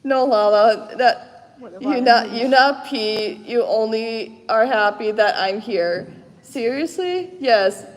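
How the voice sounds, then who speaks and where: A woman reading the lines of a calm, lecherous male wizard professor at a live panel. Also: fairly high pitch, takes it slowly. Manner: calm and soft. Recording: echoey convention hall.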